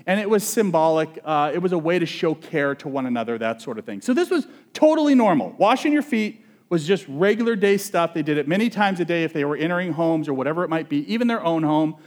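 This sermon comes from a male pastor whose voice sits on the high side and who talks fast with few pauses. He's relaxed and humorous, chatting with the audience and asking them questions often.

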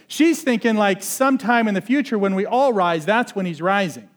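A high-voiced man preaching a casual, conversational sermon. He swings from loud, pressing emphasis to hushed, intense asides and sprinkles in "like" as he talks. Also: normal speed. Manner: conversational, uses "like" often. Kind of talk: expository sermon.

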